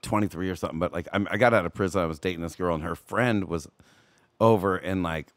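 A man's voice: sits low, no room sound. A young adult man telling a streetwise story in a casual podcast chat. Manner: fast, lively, streetwise storyteller.

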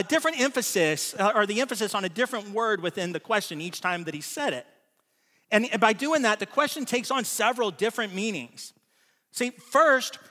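A man's voice: sits high, pushed and bright, long reverb tail. A man preaching a sermon in a church, talking in a conversational way and often adding "right?" to check in with his listeners. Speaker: pastor. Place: church hall.

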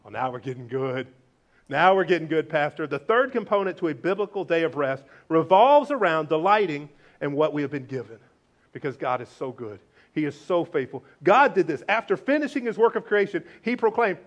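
A male pastor giving a lively, joking sermon, swinging between loud declarations and hushed asides. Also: high-pitched. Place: church sanctuary.

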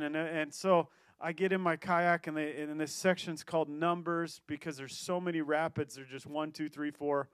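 High-voiced pastor telling a story. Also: male voice, smooth, no echo. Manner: storytelling, animated, quick restarts and laughs. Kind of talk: sermon.

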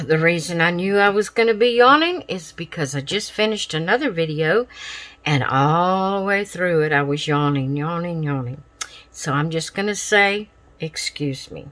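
A tired woman chats on her craft vlog in a low voice. She talks very slowly, rambling along in an easy, unhurried way. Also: lively intonation, fairly bright tone. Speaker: craft channel host. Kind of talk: casual craft vlog chat.

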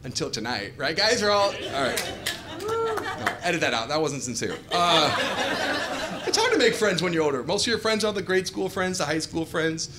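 Animated forty-something stand-up comic. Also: male voice, high-pitched, moderate pace, very noisy. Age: 40s. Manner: animated storytelling, acting out dialogue. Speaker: stand-up comedian. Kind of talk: stand-up comedy set. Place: comedy club stage with live audience. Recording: live club audio with crowd laughing. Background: audience laughter.

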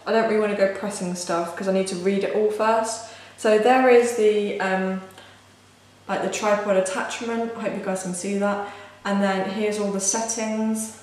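A young woman vlogging casually as she unboxes something, excitable and gushing, with lots of "like" fillers. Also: medium pitch, moderate pace. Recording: very echoey room, faint hiss.

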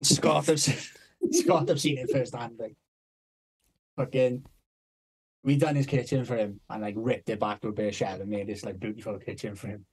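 A man's voice: medium pitch, fairly even intonation, normal speed, slightly rough. Laughing young man telling stories. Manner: swears freely, laughs through his own stories. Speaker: podcast co-host. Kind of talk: casual storytelling chat.

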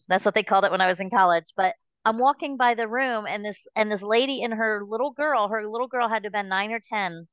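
A woman's voice: mid-range voice, fairly bright tone, no room sound, highs cut off. A woman hosting a podcast, talking in a chatty, rambling way with many restarts. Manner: chatty, rambling, frequent restarts and "you know". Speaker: podcast host. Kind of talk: casual interview chat.

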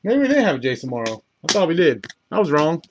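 A man hosting a live trading card break, reading off each pull in quick succession, tripping over names now and then. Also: on the high side, heavy background noise. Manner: rapid list-reading, stumbles over names; bursts of excitement on big pulls.

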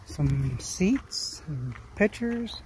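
A man's voice: a little high, sing-song, extremely slow, darkish tone, slight background noise. A man hosting his own channel, chatting and musing aloud in casual commentary as he walks through an outdoor equipment auction yard. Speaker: small-engine flipping channel host.

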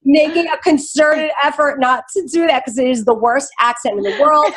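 A woman's voice: high voice, moderate pace, fairly bright tone. Chatty woman with a New York accent. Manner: chatty, laughing, self-mocking. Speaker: host. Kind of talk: casual panel chat.

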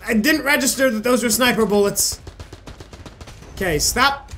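A man's voice: high-pitched, lively intonation, measured pace, pauses often, pushed and bright, a little hiss or hum. A young man hosting a gaming channel, rambling and joking with plenty of swearing as he comments on his play. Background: faint game music.

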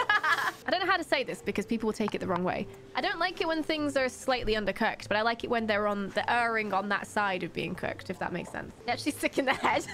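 A young woman streamer doing casual reaction commentary, excitable, laughing often and swearing freely. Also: high-pitched, background noise.

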